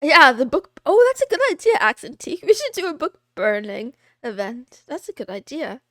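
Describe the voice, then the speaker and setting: A woman's voice: high voice, sing-song, moderate pace, bright, forceful tone, no room sound, studio quality. A woman streamer chatting casually on a livestream, giggly and playful, greeting viewers by name and slipping into a cat persona with meows. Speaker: VTuber streamer. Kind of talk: casual livestream chat, reading out viewer names.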